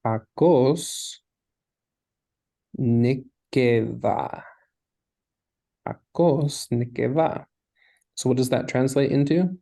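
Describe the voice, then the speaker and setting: Man, Hebrew tutor, mellow dark tone, patient questioning, step-by-step explanations. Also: mid-range voice, measured pace. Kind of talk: online language lesson.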